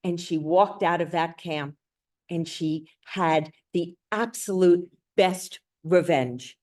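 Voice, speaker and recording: A woman's voice: lowish voice, slow. A middle-aged woman, a cookbook author, telling stories to an audience and acting out the dialogue. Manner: lively anecdotal storyteller, acts out dialogue. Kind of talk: storytelling talk to an audience.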